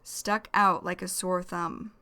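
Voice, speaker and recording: A woman's voice: fairly low pitch, flat delivery, slow, bright, forceful tone, clear, resonant tone. A young woman teaching English vocabulary, repeating each phrase and defining it in plain words. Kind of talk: slow vocabulary lesson.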